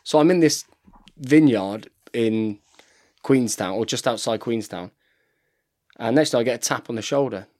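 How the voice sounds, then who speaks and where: A man's voice: mid-range voice, moderate pace, pauses often, darkish tone. A man in his thirties, a rugby player chatting casually as a podcast guest, telling stories and saying "mate" all the time. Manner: chatty storyteller, says "mate" constantly. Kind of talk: casual chat.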